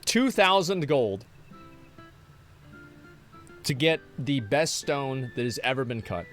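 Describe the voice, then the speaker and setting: A man's voice: medium pitch, very animated, takes it slowly, fairly bright tone, soft background music. A man streaming live, chatting casually and reading chat messages in a sarcastic, profane, rambling way.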